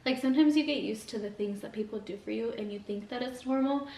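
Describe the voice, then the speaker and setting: Young woman, rambling mukbang chat, higher voice, echoey room, set back from the mic. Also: fast, mellow, distant mic, a little hiss or hum. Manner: rambling, heavy use of "like", earnest. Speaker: mukbang vlogger. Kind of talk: casual motivational chat while eating.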